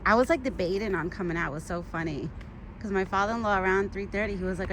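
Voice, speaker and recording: Talking fast, a young woman with a slightly low voice stands on a trail and chats casually to her phone camera for a vlog while feeding a wild deer. She rambles in a friendly way and speaks sweetly to the deer, and outdoor ambience and passing vehicles come through clearly in the noisy phone recording.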